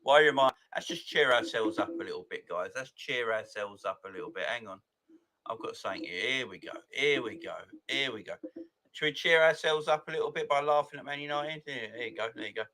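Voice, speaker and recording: Host: excitable man in his forties, bright forceful voice, casual live-chat energy. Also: medium pitch, brisk. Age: 40s. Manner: excitable, laughs often, greets viewers by name. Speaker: football fan channel host. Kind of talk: casual live chat reading viewer comments.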